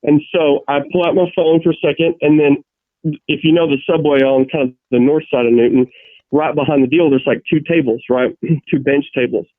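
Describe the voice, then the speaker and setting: A man's voice: fairly high pitch, steady tone, brisk, no room sound. Profane ranting man on a tinny line. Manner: rambling with many restarts. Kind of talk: casual chat. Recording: tinny phone-like sound.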